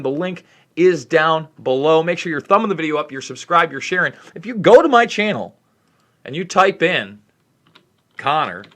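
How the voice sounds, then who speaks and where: A man hosting a ranting commentary vlog, indignant and emphatic, drawing out the words he wants to land. His voice sits fairly high and swings widely up and down. It has a bright, forceful edge. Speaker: online commentary host.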